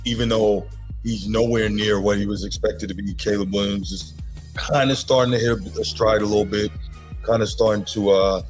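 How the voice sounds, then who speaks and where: Give me a laid-back male podcast co-host with a fairly low voice. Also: steady tone, normal speed, faint music behind, poor audio. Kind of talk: casual sports podcast chat.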